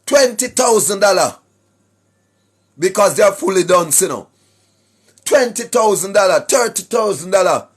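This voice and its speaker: High, husky Jamaican man preaching. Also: expressive, normal speed, pauses often. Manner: sing-song rhetorical delivery, keeps asking "right?", clears throat often. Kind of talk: preachy livestream address to viewers. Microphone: speaking straight to a camera or phone.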